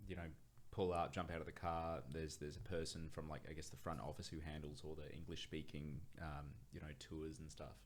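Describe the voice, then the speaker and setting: Man, podcast host, relaxed, conversational, quick to laugh, studio. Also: a bass voice. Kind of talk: casual podcast chat.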